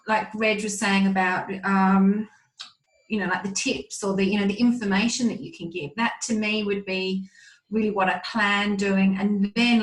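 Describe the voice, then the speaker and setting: Attendee: hesitant woman, echoey room, video call. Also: mid-range voice. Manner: hesitant, thinking aloud. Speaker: meetup attendee.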